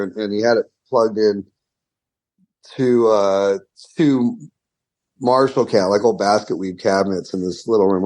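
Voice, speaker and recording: A middle-aged man, a guitarist guest, telling loose rambling stories full of fillers and swearing. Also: on the low side. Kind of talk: casual storytelling.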